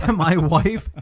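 Middle-aged New man, podcast co-host, slightly higher voice, talks in lively anecdotes. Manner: storytelling, animated anecdotes. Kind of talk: casual chat.

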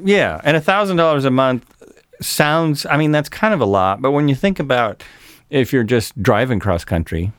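A man's voice: medium pitch, lively intonation, normal speed, clean tone, no echo. A man hosting a casual conversation, asking curious follow-up questions.

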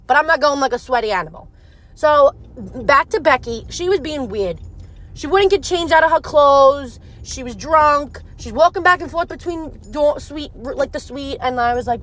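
High-voiced young woman ranting. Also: moderate pace, a little hiss or hum. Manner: animated, profane and rambling. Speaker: storyteller. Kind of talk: casual storytelling.

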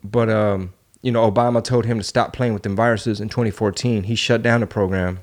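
This male podcast host has a fairly low, darkish voice with mostly even intonation and a fairly quick pace. He speaks bluntly and heatedly, swearing a lot and firing off rhetorical questions in casual, opinionated chat.

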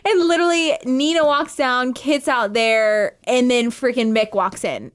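Animated chatty woman, highish voice. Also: measured pace. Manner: animated, acts out characters' lines, laughs often. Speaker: podcast co-host. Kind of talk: casual book discussion.

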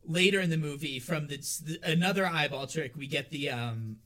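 A man's voice: a little high, normal speed, a bit bright. Chatty man recapping a horror film. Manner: chatty, laughs often, fillers like "like". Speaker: podcast co-host. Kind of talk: casual movie discussion podcast.

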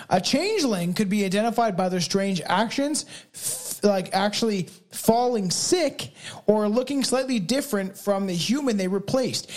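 A man's voice: sits high, darkish tone. A man co-hosting a podcast, reading folklore notes in casual chat with frequent laughs and restarts. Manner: rambling, laughing often, restarts. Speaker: podcast co-host.

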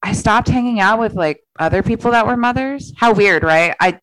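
A woman's voice: medium pitch, normal speed, a bit bright, poor audio. A middle-aged woman chatting casually as a podcast guest, rambling and self-deprecating, with lots of fillers. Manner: rambling, self-deprecating, filler-heavy storytelling with frequent laughs. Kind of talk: casual chat.

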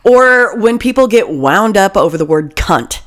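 A woman co-hosting a podcast in casual chat, profane and animated, acting out quoted people. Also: medium pitch, unhurried. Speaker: podcast co-host.

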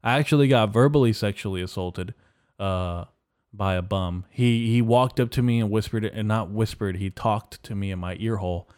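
A young man riffs through a comedic podcast rant, swearing constantly and sounding mock-outraged as he rambles from one gripe to the next. His voice sits on the low side and comes through smooth and resonant. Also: moderate pace, darkish tone. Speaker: podcast host.

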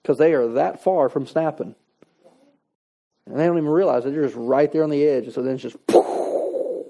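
A man's voice: a little high, fairly quick, mellow. A man preaching a sermon in a conversational, folksy way, reading scripture and adding plain-spoken asides. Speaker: pastor.

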